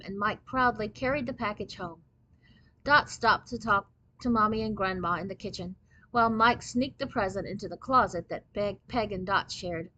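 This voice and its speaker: A woman reading a children's book aloud in clear, steady storybook narration. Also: medium pitch, low-quality recording.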